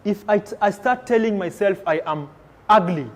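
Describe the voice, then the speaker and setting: A man giving an energetic motivational talk to students in a school hall, leading call-and-response chants. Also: high voice, moderate pace. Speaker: motivational speaker. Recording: reverberant hall with crowd.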